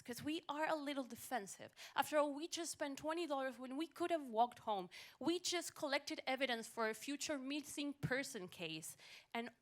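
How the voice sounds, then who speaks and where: A woman telling a funny personal story on stage at a live storytelling event, animated with wry timing, into a stage mic. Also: on the high side.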